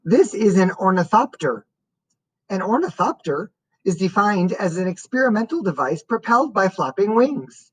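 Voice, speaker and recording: A woman's voice: medium pitch, sing-song, normal speed, husky, no room sound, low-quality recording. A woman voicing a small brainy boy who speaks in formal, dictionary-like phrases, in an audiobook reading. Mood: lecturing. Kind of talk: audiobook character voice.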